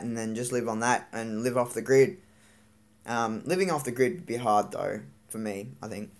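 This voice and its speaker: A vlogger venting in a live-streamed rant, frustrated and swearing, with lots of halting fillers and restarts. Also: mid-range voice.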